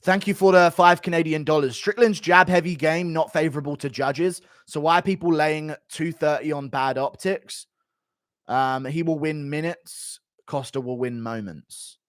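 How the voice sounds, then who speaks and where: A man's voice: a little high, normal speed, dry recording, clean studio sound. A 25-year-old man hosting a livestream. He chats casually, reads out donations and banters bluntly with his chat. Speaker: livestream host.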